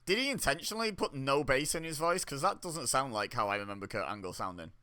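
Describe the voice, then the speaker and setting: A man's voice: medium pitch, lively intonation, quick pace, pushed and bright. A young man giving casual, chatty commentary while watching a wrestling show, reacting aloud with laughs and exclamations. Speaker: wrestling watch-along host.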